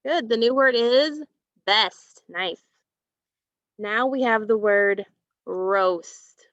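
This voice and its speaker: A woman teaching a phonics lesson, slowly stretching out and repeating sounds and words, and praising her students. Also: fairly high pitch, a bit bright, no echo. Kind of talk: slow, clearly enunciated phonics lesson. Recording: dry, dull lo-fi recording.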